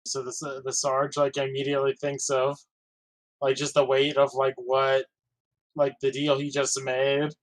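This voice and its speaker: A man's voice: medium pitch, monotone, a little slow, rough recording. A man playing a tabletop game, explaining his character's thoughts hesitantly. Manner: hesitant, fumbling for words. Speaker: player. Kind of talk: casual tabletop game chat.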